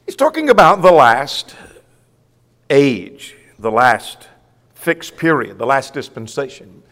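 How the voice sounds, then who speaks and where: A man's voice: medium pitch, wildly swooping pitch, slow, a bit bright, big-room sound. A man preaching a sermon in a church, asking himself questions and answering them.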